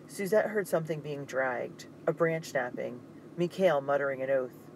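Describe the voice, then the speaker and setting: A man narrating an audiobook in a steady, suspenseful reading. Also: a little high, moderate pace, creaky, slight background noise, low-quality recording.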